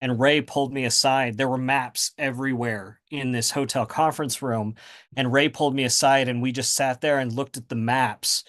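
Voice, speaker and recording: A man's voice: medium pitch, steady tone, normal speed, fairly bright tone. A man speaking as a guest author in a casual interview, rambling with many fillers and restarts.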